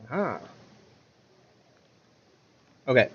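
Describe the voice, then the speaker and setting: A man's voice: extremely slow, muffled recording, a little hiss or hum. A man giving casual, rambling commentary over his gameplay, correcting himself often and muttering at the game, with the hiccups. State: has the hiccups.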